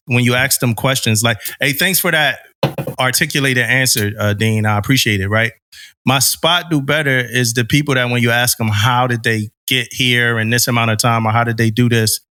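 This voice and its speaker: A man's voice: medium pitch, fairly even intonation, normal speed, bright, forceful tone. A man co-hosting a podcast, ranting casually and profanely with bursts of laughter. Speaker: podcast co-host.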